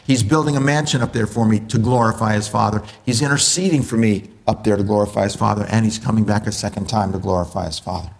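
Guy giving a sermon, lots of yes-or-no questions to the room, goes big then quiet. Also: fast talker, vocal fry, few pauses. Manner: animated, swings from loud mock-enthusiasm to low earnest tones; addresses congregation with rhetorical questions. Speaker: preacher.

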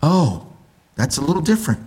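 A man preaching a sermon, asking the congregation rhetorical questions and swinging between loud enthusiasm and low, earnest tones. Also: very animated, fairly quick.

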